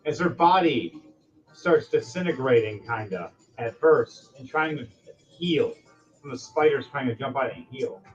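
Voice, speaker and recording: A man narrating a tabletop game as game master, excitable and rambling with many fillers, on a dull lo-fi recording with faint music behind. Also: medium pitch, measured pace.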